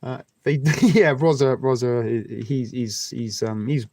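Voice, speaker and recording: Man, English West Country accent, livestream host, crude rambling chat, gravelly voice, dry room. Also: medium pitch, measured pace, warm tone, no room sound. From England. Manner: rambling, crude joking, many fillers and restarts. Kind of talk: casual chat with viewers.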